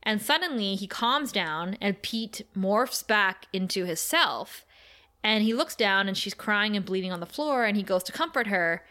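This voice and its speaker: A woman co-hosting a podcast, recapping an episode with animated storytelling. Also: moderate pace. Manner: animated storytelling, quotes characters with raised pitch. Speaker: podcast co-host. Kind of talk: casual recap chat.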